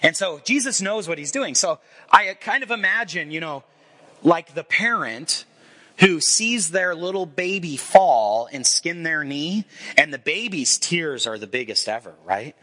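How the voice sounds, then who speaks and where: A man in his forties preaching a sermon, telling the story with lively acted-out quotes. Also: a little high, unhurried. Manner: animated storyteller acting out quoted voices. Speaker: pastor.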